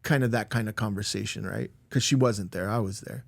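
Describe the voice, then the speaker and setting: A man's voice: fairly low pitch, fairly quick, creaky, no echo. A middle-aged man, a podcast guest, telling a personal story in a casual, rambling way full of "like" and with emotional swings.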